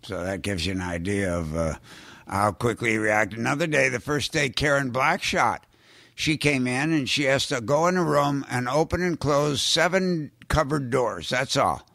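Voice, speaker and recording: An older man telling show-business anecdotes in an unhurried way, chuckling and dropping his voice low when he quotes people. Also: creaky, a bit bright, dry recording, clean studio sound. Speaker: guest actor telling stories. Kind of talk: anecdotal storytelling.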